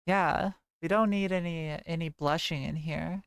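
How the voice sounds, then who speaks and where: Young woman streamer, slow unhurried talk, smooth voice, dry close sound. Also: deep voice, fairly even intonation, no room sound. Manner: chatty, rambling, reads chat aloud. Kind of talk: casual livestream chat.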